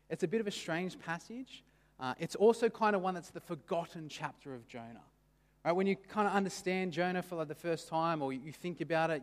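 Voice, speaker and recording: Brief: male preacher, conversational sermon, higher pitch, long hall echo. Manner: casual, frequent "right?" and "kind of" asides. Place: church. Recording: long church hall reverb.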